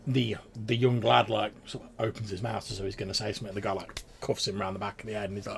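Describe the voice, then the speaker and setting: A man's voice: fairly low pitch, little pitch movement, fast talker, creaky, few pauses, breathy edge. A man narrating as game master of a tabletop game, in loose, filler-heavy speech.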